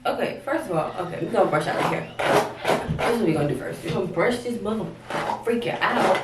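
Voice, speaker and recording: A woman's voice: medium pitch, expressive, quick pace, recorded from a distance. A woman chatting through a casual tutorial vlog in a slangy, rambling way from her bathroom. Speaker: vlogger. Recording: roomy, off-mic, faint noise.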